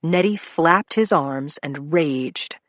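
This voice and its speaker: An audiobook narrator telling a crime story in a measured, dramatic way on a close studio microphone. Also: medium pitch, a bit bright, no echo.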